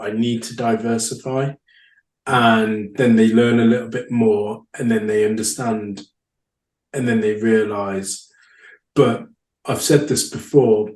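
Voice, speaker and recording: A man co-hosting a casual podcast, explaining his ideas in a measured, reflective way. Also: mid-range voice, darkish tone. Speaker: podcast co-host. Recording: echoey room.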